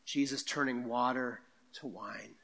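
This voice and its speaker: Guy preaching in church, bright punchy voice, chatty asides to the congregation. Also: mid-range voice, steady tone, unhurried. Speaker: pastor. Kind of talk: sermon.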